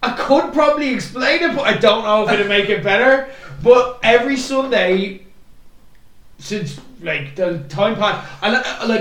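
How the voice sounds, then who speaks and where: A man's voice: high-pitched, fairly bright tone. A man co-hosting a podcast, rambling and giggling through a casual story. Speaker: podcast co-host. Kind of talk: casual chat. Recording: echoey room, distant mic.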